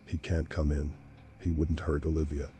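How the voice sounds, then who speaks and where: A man voicing a calm, knowing woman who practices voodoo, speaking softly in a deep, even storybook reading. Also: a little hiss or hum. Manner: soft, measured, thoughtful.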